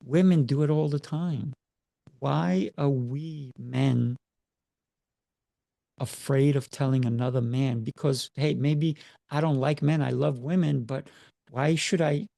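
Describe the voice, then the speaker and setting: A man's voice: mid-range voice, a little slow, vocal fry, pauses often, warm tone, no room sound, clean studio sound. A man who is a martial arts coach, chatting in an interview over a video call and driving his points home with emphatic rhetorical questions. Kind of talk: casual interview chat.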